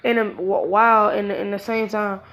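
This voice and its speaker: Brief: woman, mid-range pitch, gravelly, casual improvised storytelling. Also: little pitch movement, moderate pace, fairly bright tone. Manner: rambling, casual slang, many restarts. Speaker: fan storyteller. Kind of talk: improvised fan-fiction retelling.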